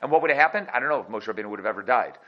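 A man teaching an energetic Torah class, full of rhetorical questions and quick laughs. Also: on the low side, lo-fi sound.

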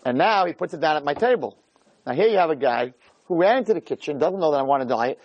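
Middle-aged guy, rabbi telling a funny story, voice jumps all over, kinda high. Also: fast talker, no echo. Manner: animated, jokey storytelling with lots of "right?". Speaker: rabbi giving a talk. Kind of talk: storytelling lecture.

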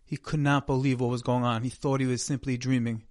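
Man, mid-pitched, earnest sermon storyteller, dry close mic. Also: flat delivery, a little fast, darkish tone, dry recording. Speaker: speaker giving a Torah talk.

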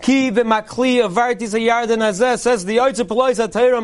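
A man delivering a parody Purim sermon, a mock-earnest preacher cadence and deadpan punchlines. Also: very high voice, moderate pace, few pauses. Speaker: comedian delivering a mock Purim Torah speech.

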